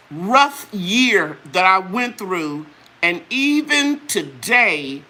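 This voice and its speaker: An older woman hosting a live chat on her channel shares a personal testimony with religious fervor before moving on to the products she sells. Her medium-pitched voice is pushed and bright, and she speaks earnestly and preachily straight to viewers.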